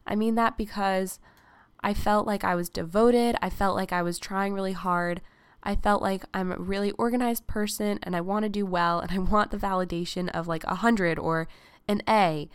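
An eighteen-year-old woman, hoarse from being sick, hosting a casual solo podcast in a chatty, reflective way. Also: mid-range voice, steady tone, normal speed, no echo. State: hoarse from illness. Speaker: podcast host.

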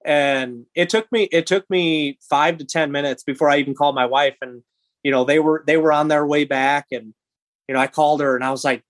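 Podcast guy in his 30s telling a story, keeps restarting, kinda high voice, dead dry mic. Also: no room sound. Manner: animated, halting retelling with many restarts. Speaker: guest.

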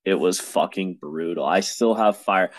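Lowish young man, rambling frustrated storyteller, dry sound. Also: measured pace, no room sound. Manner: exasperated, swears a lot, rambling with restarts. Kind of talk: casual storytelling chat.

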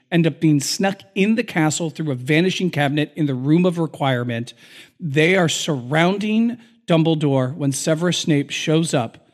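A man co-hosting a podcast, recapping a film in an earnest, emotional storytelling way. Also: fairly high pitch. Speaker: podcast co-host.

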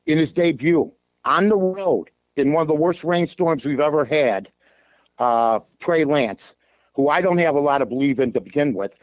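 Man from Chicago, blunt sports talk, fillers and restarts, slightly high voice, dry close sound. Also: no echo, rough recording. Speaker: sports radio host and handicapper, guest. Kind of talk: casual sports talk on a call-in show. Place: in a parked car.

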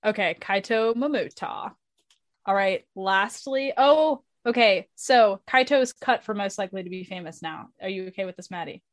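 A woman hosting a casual podcast chat, talkative and quick to laugh. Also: medium pitch, no room sound, studio quality. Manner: chatty, laughs easily. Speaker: podcast host.

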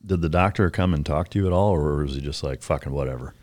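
Deep-voiced podcast host. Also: male voice, fast talker, darkish tone. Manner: brief profane reactions. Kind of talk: casual interview chat.

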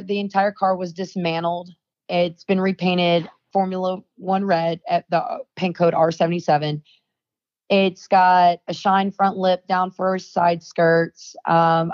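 A woman's voice: fairly low pitch, darkish tone. A young adult woman, a podcast guest, telling a story in casual chat and acting out the quoted dialogue. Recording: dull, lo-fi dry sound.

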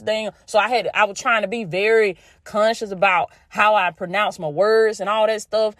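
A Southern US woman hosts a podcast with a faith-based motivational talk, folksy and down-home, calling listeners "baby" and "y'all" and repeating phrases for emphasis. Her medium-pitched voice is steady, fairly bright, and moderately paced with few pauses. The studio sound is clean with no echo.

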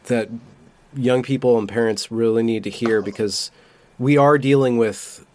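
A man's voice: medium pitch, fairly even intonation, unhurried, a little mellow. A man hosting an interview, asking careful, thoughtful questions with some restarts.

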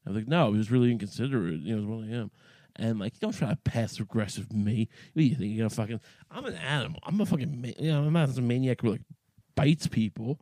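A man's voice: mid-range voice, fast, dark tone, dry recording. A man hosting a podcast, talking in a rambling, profane monologue full of restarts and asides. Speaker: podcast host.

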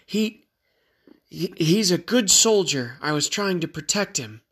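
A man's voice: high voice, expressive, slow pace, sharp tone, breathy edge, voice pushed up, heavily acted. A shaky young woman soldier who stammers over her words and keeps pleading, as a male storyteller lifts his voice for her. She sounds frightened and unsure of herself, in a read-aloud story. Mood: distraught.

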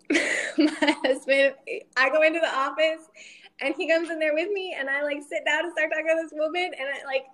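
A woman's voice: high-pitched, steady tone, moderate pace, fairly bright tone. A young woman, a military spouse, telling a story in casual chat, acting out quoted lines and laughing often.

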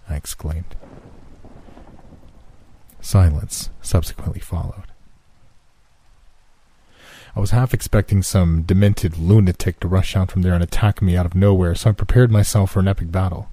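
Deep dark-voiced horror narrator. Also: male voice, steady tone. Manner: slow, measured, suspenseful reading. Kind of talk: scripted story narration.

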